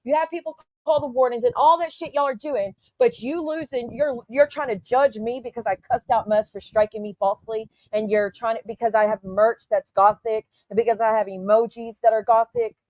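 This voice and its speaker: Woman streamer, indignant and foul-mouthed, talking to her chat; a little high, close and dry. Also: steady tone, fairly quick, few pauses, darkish tone, no echo. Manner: indignant, profane, talks straight to her chat. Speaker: YouTube livestreamer. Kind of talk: casual ranting livestream.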